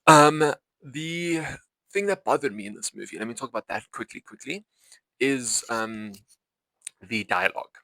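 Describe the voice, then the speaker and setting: A man's voice: mid-range voice, expressive, measured pace, vocal fry, pushed and bright, no echo, poor audio. A young man vlogging a film review in casual, rambling talk, full of fillers and self-corrections. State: itchy eyes. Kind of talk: casual unscripted talk to camera.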